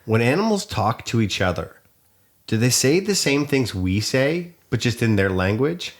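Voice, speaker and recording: A man's voice: mid-range voice, very animated, moderate pace. A man co-hosting a comedy podcast, chatting casually and teasing his partner with playful jokes. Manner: teasing, playful, jumps between topics. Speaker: podcast co-host.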